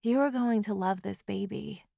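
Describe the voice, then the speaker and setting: A woman's voice: mid-range voice, normal speed, gravelly, mellow, no echo, clean studio sound. A woman reading an audiobook, voicing a caring young woman best friend who reassures firmly and teases bluntly. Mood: encouraging. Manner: firm, reassuring, teasingly blunt.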